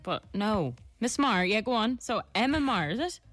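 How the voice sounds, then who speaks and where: A woman's voice: a little high, animated, a little fast, a bit bright, no room sound, faint music behind. A young woman co-hosting a radio show, giggly and self-deprecating. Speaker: radio co-host. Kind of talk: casual radio chat. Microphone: studio microphone.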